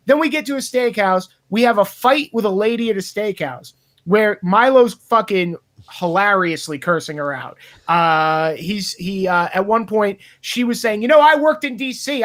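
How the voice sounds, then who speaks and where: A man's voice: sits high, a bit bright. A man telling rambling, profane stories in a casual podcast chat. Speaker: podcast co-host.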